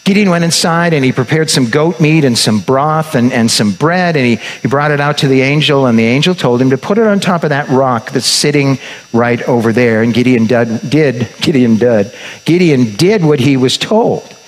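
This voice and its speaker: A man's voice: medium pitch, lively intonation, moderate pace, rough recording. A man preaching, retelling a story in a conversational way, with frequent restarts and repeated words. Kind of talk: sermon storytelling.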